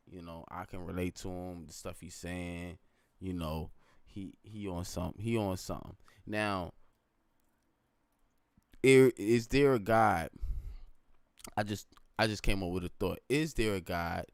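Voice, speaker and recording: Rambling low-voiced man, late-night stream. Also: unhurried, clear, resonant tone, dry recording. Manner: rambling and reflective, repeats phrases, asks "you know what I'm saying". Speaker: live streamer. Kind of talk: late-night casual live stream monologue.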